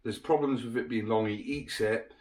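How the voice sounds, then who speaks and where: A man's voice: medium pitch, moderate pace, darkish tone. A man, a parent, explaining his plan in a casual family vlog, chatty and persuasive. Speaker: parent vlogger.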